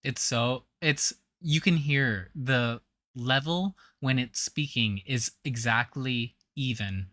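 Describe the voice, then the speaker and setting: A man's voice: medium pitch, slow, pushed and bright, no echo. A man giving blunt, scornful reaction commentary, with a trained singer's voice.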